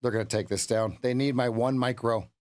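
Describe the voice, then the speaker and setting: A man's voice: medium pitch, fairly quick, darkish tone. A man coaching a live day-trading stream, swearing and laughing at his own losses.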